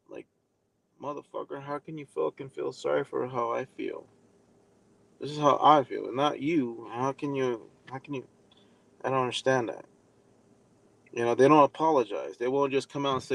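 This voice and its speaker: A man's voice: mid-range voice, a little slow, gravelly, pauses often, no echo. Rambling man teaching in a dry room. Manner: rambling, many "you know" fillers, blunt and profane. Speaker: teacher giving a live lesson. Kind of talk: casual live-stream talk.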